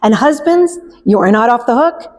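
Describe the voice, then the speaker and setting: A woman therapist and parent coach, a guest in an interview, telling a story with lively acted-out lines. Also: fairly high pitch, normal speed, slight background noise. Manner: animated storyteller acting out characters' lines. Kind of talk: storytelling in conversation.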